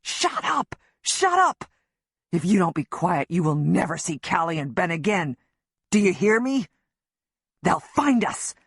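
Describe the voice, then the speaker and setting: A woman's voice: fairly low pitch, moderate pace, husky, no room sound, studio quality. A woman voicing a desperate, volatile armed man in an audiobook, pleading at first and then bellowing and hissing threats. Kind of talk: audiobook narration.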